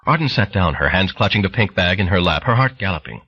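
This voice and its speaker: Husky low-voiced male audiobook narrator. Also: lively intonation, fast, sharp tone, muffled recording. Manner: dramatic storytelling. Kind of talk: scripted narration.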